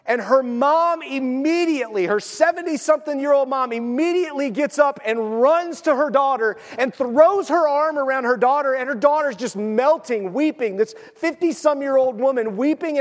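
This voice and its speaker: A male pastor preaching a sermon, telling stories with lively acted-out quotes. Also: very high-pitched. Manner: animated storytelling, acts out quoted voices. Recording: long hall reverb.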